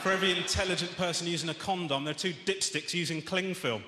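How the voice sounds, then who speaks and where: British guy doing stand-up, high voice, ranting and fed up, big echoey theatre with crowd noise. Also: quick pace. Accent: British English. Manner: exasperated, ranting, rises to shouts. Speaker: stand-up comedian. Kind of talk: stand-up routine. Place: large theatre stage with audience laughter.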